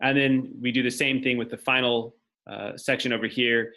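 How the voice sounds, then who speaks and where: A man's voice: medium pitch, flat delivery, moderate pace, bright, forceful tone. Man teaching at a whiteboard. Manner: explanatory, thinks aloud while writing on a board. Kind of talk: classroom lecture.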